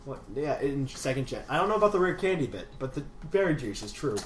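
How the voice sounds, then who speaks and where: Lively podcast guy in an echoey room. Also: mid-range voice, fast, a little hiss or hum. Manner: lively, laughs easily, reads emails with comic flourishes. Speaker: podcast co-host reading listener emails. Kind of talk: casual podcast chat and email reading.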